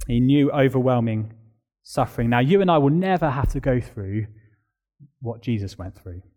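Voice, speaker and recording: A man preaching a sermon, speaking earnestly, building to emphatic peaks and dropping to a soft, low voice. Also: moderate pace. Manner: reads a long passage aloud.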